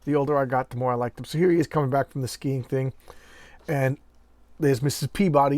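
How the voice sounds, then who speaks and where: A man's voice: mid-range voice, steady tone, a little fast, a little mellow, dry recording. Middle-aged male comic reviewer, chatty and loose, mid-range voice, dry close sound. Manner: chatty, acts out comic dialogue in bits, self-correcting. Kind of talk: casual show-and-tell chat.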